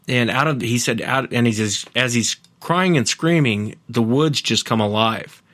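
Man, low voice, earnest storyteller, casual interview, dry close sound. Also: moderate pace, a bit bright, no room sound. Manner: earnest, retells others' encounters at length. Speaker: podcast host as guest.

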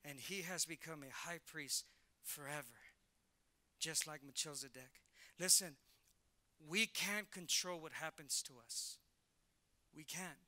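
A middle-aged male pastor preaching a sermon in an animated way, acting out Bible characters in casual slang. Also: on the high side, unhurried, long pauses.

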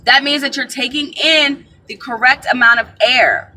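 A woman giving casual spiritual advice to her viewers, chatty and animated, calling them y'all, recorded on a camera mic. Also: sits high, normal speed, few pauses, rough recording. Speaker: spiritual advisor.

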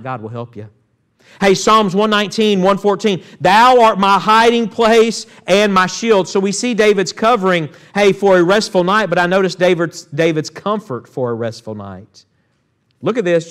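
Preacher man, pitched higher. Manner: preaching with call-outs to the church and Scripture readings. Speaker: pastor. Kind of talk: sermon. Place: church sanctuary.

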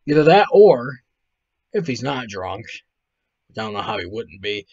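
In a dull, dry lo-fi recording with no echo, a man with a mid-range, somewhat dark voice speaks animatedly at a moderate pace. He's a video host reacting to photos, sounding tired as he rambles, swears, and laughs a lot through casual commentary.

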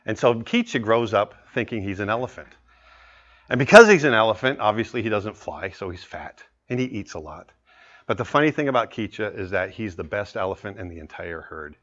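A man in his forties, a guest speaker pitching an animated story with earnest, animated storytelling. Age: 40s. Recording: muffled lecture recording.

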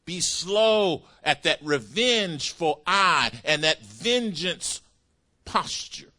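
A man preaching a sermon as pastor, calling out hallelujah and praise the Lord as his pitch swings up and down. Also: expressive, takes it slowly, pushed and bright. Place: church sanctuary.

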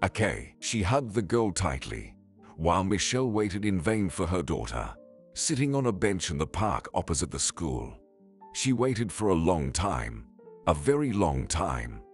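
A man narrating a scripted drama story in an even, storytelling way. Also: deep voice, measured pace. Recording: faint music behind.

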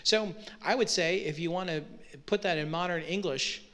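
A man's voice: high-pitched, normal speed, bright, forceful tone. A man preaching a sermon, explaining Bible verses in a conversational way with frequent rhetorical questions. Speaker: pastor.

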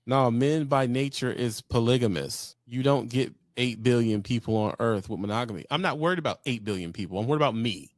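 A man's voice: mid-range voice, brisk, few pauses, no room sound, studio quality. A man hosting a live talk stream, giving blunt, profane opinions in casual chat.

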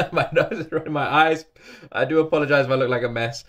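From a cold attic at home, a British man from England hosts a casual reaction video, tearful with his voice thick from crying. He gushes, repeats himself and laughs between words, speaking fairly quickly in a fairly high, slightly bright voice.

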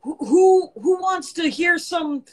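A woman's voice: very high voice, animated, takes it slowly, a little mellow. A middle-aged woman comedian hosting a casual podcast chat, rambling and profane. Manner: rambling, profane, laughs easily.

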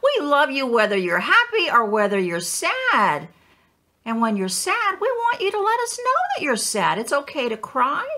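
Gentle, reassuring loving parent, voiced by a woman. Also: high voice, huge pitch swings, normal speed, full character voice. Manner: tender, reassuring.

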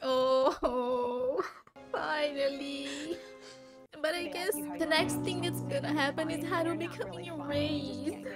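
Reaction YouTuber: a gushing, excitable woman, raised pitch, casual and foul-mouthed. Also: takes it slowly, over music. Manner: emotional and gushing, swears freely.

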